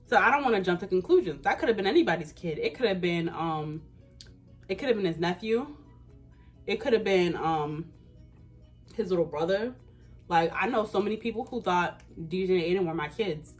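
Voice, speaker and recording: A woman's voice: on the low side, lively intonation, moderate pace, breathy edge, soft background music. A woman in her twenties telling a casual storytime, slangy and emphatic. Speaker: vlogger.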